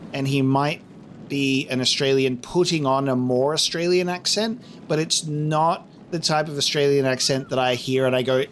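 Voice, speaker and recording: A man's voice: medium pitch, a little hiss or hum. A man hosting a let's play, joking playfully and reading dialogue choices theatrically. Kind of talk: gameplay commentary.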